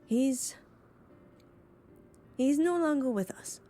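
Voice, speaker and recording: A woman's voice: high-pitched, animated, slow pace, mellow. Woman doing an eager young sidekick girl. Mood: earnest. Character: earnest loyal young female assistant.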